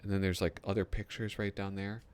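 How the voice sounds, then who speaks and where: A man's voice: sits low, little pitch movement, brisk, clear, resonant tone. A man hosting a casual magazine flip-through, who swears and trails off into mumbled asides. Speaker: host.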